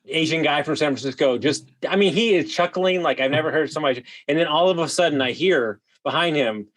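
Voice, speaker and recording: A man telling a wild story as a podcast guest, animated, swearing freely and full of "like" fillers. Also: a little high, fairly quick. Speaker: guest, vacation rental host. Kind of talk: casual storytelling.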